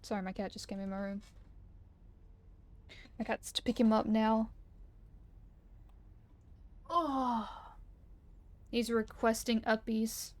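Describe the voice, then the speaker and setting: A woman's voice: a little high, level tone, moderate pace, long pauses, a little mellow, dry recording. Giggly woman streaming a game. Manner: chatty, giggly and playful. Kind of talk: live game commentary. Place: home room.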